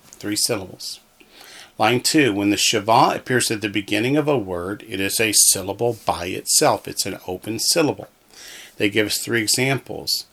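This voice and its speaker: A man's voice: on the low side, moderate pace, fairly bright tone. A man teaching a recorded Hebrew lesson from a textbook, patiently repeating each word so learners can echo it. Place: alone in a room, talking to the wall.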